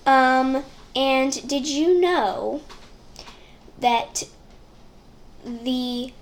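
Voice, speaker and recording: High-voiced young woman, slow podcast chat. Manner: upbeat, reads facts, many "like" fillers. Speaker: podcast co-host. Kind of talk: casual family podcast chat. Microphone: sensitive studio microphone.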